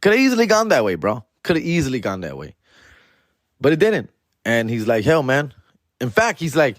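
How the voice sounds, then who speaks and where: A man, a comedian and father from California, telling a story in casual podcast chat, animated and slangy and acting out quotes. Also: mid-range voice, normal speed, no echo, clean studio sound. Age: adult, father.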